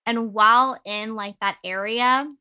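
A woman's voice: on the high side, steady tone, a little slow, bright, forceful tone. A woman co-hosting a podcast, telling a story in casual chat with a giggly, filler-filled manner. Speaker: podcast co-host.

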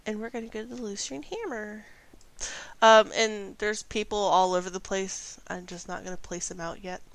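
A woman acting as game master, narrating scenes in a relaxed, descriptive way with casual fillers. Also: fairly low pitch, clear, resonant tone, no room sound, low-quality recording.

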